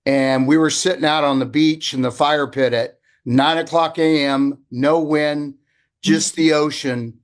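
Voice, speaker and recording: A man's voice: a little high, steady tone, a little slow. A man on a group call earnestly sharing a heartfelt story. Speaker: call participant.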